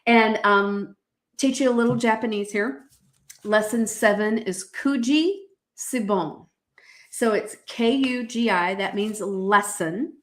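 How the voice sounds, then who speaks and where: A woman hosts a motivational podcast in a mid-pitched voice, reading aloud from her own journal. She talks in emphatic, preacher-like bursts and leans on encouraging fillers between points. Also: slow. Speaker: podcast host.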